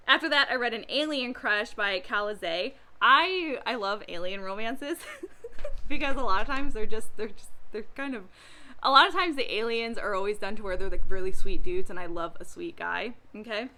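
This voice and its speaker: A woman's voice: mid-range voice, pushed and bright. A young woman chatting casually about books she read, laughing often and acting out characters in mocking voices. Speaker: book reviewer. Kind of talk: casual book review chat.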